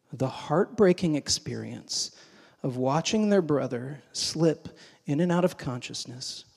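A man preaching a sermon, moving between hushed, slow passages and emphatic, raised ones. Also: a little high, creaky, breathy edge. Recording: long hall reverb.

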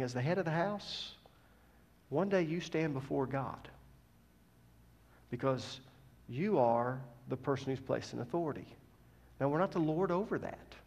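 A man preaching a sermon. He teaches scripture with emphatic stresses that drop to soft asides. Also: fairly high pitch, vocal fry, husky. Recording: long reverb of a large hall.

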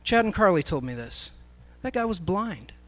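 A man's voice: high voice, big pitch swings, normal speed, a bit bright. A man speaking to a live congregation, telling a story in a sermon as he addresses the crowd directly.

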